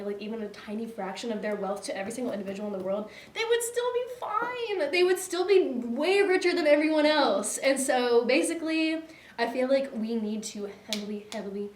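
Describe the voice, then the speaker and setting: A young woman chatting casually as a co-host, her speech full of "like" and quick laughs. Her voice sits fairly high. She is heard from some distance in a room with a noticeable echo. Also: a little hiss or hum. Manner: rambling, many "like" fillers, laughs easily. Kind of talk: casual chat. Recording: echoey room, mic at a distance.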